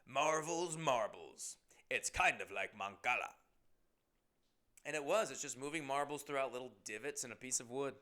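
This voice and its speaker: A man's voice: medium pitch, fairly quick, pushed and bright. A man hosting his own podcast, telling rambling, profane, self-deprecating stories in a casual monologue. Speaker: comedian and podcast host.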